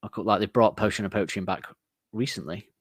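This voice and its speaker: A man's voice: on the low side, quick pace, husky, dry recording. A man co-hosting a casual music podcast, rambling chattily and laughing often. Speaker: podcast co-host.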